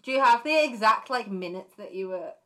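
A woman's voice: a little high, lively intonation, fairly quick, crowd noise. A young woman, co-hosting a casual chat, wry and teasing, laughing often. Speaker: podcast co-host.

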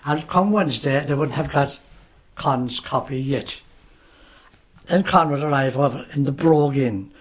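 A man's voice: mid-range voice, a little slow, husky. A man recalling old times in an interview, explaining things with digressive asides. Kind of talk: reminiscing interview.

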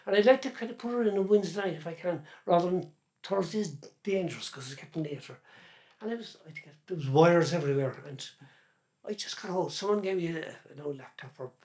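Older man, Cork Irish accent, fairly high voice, rambling, stumbling restarts. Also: fast talker, darkish tone. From Cork, Ireland. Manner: rambling, repeats words and restarts often. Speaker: folk singer and newspaper columnist. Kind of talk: casual interview chat.

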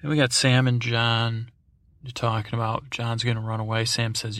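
A man's voice: mid-range voice, flat delivery, moderate pace, a bit bright, a little hiss or hum. A man hosting a sleep podcast, recapping in a meandering, digressive way full of fillers and restarts. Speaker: podcast host.

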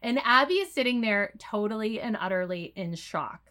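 A woman hosting a casual recap chat, telling the story in a quick, animated way with playful asides. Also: medium pitch. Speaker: podcast host recapping a reality show.

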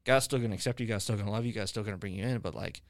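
A male podcast host with a lowish voice talks rapid-fire, chatting casually about faith with guests. He rambles through long stories packed with fillers and restarts, and there's no echo.

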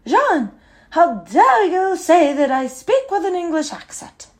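A woman imitating her older mother in a high, indignant put-on voice. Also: big pitch swings, unhurried, heavily acted.

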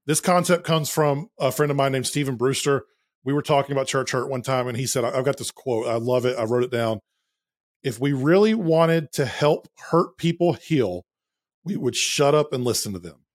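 A man's voice: medium pitch, normal speed, no echo. Earnest man speaking steadily, dry sound. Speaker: church consultant, podcast guest. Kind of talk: measured faith podcast talk.

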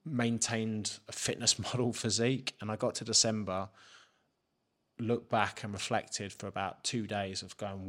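A man's voice: lowish voice, flat delivery, normal speed, a bit bright. A man, a podcast guest telling a candid personal story and swearing freely. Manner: frank, swears freely, acts out his own inner questions.

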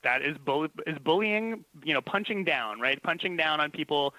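A man's voice: a little high, lively intonation, moderate pace, sharp tone, no echo, low-quality recording. A man telling self-deprecating stories in a casual comedic conversation, often laughing. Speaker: podcast guest, TV writer.

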